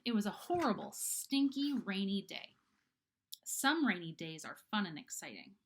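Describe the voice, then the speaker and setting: Reading a children's book chapter aloud in a relaxed storybook style, a woman chats along with fillers and asides and gives the characters animated voices. She speaks at medium pitch and a moderate pace.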